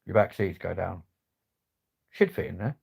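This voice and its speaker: Gravelly sweary bloke. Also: male voice, sits low, lively intonation, unhurried, darkish tone. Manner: sweary, laddish banter. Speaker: livestream host. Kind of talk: casual livestream chat.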